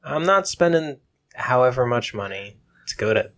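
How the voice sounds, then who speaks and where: A man's voice: medium pitch, expressive, moderate pace, a bit bright. A man co-hosting a comedy podcast in casual chat. He plays along with dry, mock-offended humor. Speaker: podcast co-host.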